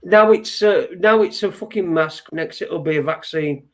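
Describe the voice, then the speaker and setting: A man hosting a casual chat show, rambling and halting with lots of swearing. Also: a little high. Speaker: host.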